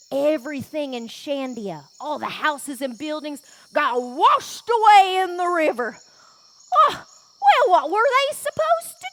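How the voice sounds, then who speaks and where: A woman playing a bubbly, excitable lady with a pet snake, telling a story at a children's camp in a gushing, folksy way. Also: extremely high pitch, exaggerated voice. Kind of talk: children's ministry skit storytelling.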